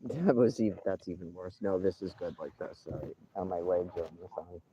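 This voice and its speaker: Live-streaming outdoors at a campsite, a man rants casually and indignantly, swearing without restraint. He has a low, brisk voice, and the tinny, phone-like stream picks up a noisy background.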